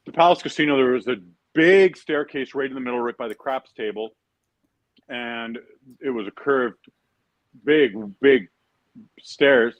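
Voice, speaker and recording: A man chatting as a podcast guest, telling dealer stories in a lively way and acting out the people he quotes. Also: medium pitch, unhurried, pauses often, no echo, highs cut off. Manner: animated, laughing, acts out quotes. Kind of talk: casual storytelling chat.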